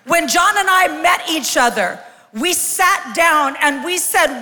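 A woman in her sixties giving a lively, joking live sermon as a guest speaker, calling out to the congregation in a large church. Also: sits high, slow, soft background music. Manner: lively, joking, calls out to the crowd. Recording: long hall reverb from a live church.

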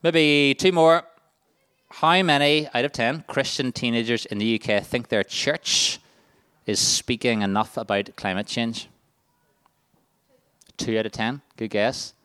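A man's voice: mid-range voice, measured pace, a bit bright, smooth, no room sound. A man leading a charity workshop, quizzing a youth group and reading out the answer options. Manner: upbeat quizmaster, reading out multiple-choice answers. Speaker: workshop leader. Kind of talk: interactive quiz with a youth group.

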